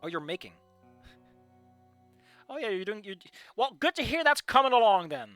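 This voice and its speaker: Excitable, lively man ranting casually. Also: high-pitched, normal speed, dry recording, faint music behind. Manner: excitable, ranting, jokey asides. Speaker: streamer reading fan fiction. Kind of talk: casual live commentary.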